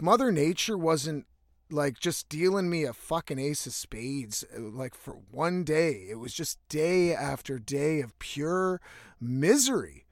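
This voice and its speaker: A man's voice: on the high side, no echo, studio quality. A young man telling a rambling, exasperated story in a casual monologue, swearing constantly. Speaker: vlogger.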